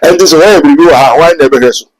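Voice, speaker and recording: Guy preaching hard, kinda high voice, gets loud on the big points. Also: quick pace, rough recording. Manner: emphatic preaching, mixing languages, rising to a raised voice. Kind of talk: sermon in a talk show.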